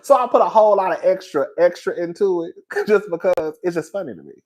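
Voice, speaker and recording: A man's voice: sits high, fast talker, a little mellow. A man hosting a casual gossip livestream, sassy and playfully dramatic, laughing often and calling everyone "girl" while he reads the chat. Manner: playfully dramatic, exaggerates for effect.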